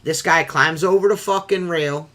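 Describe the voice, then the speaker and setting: A man hosting a podcast, telling stories in a profane, animated casual chat. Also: on the high side, moderate pace. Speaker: podcast host.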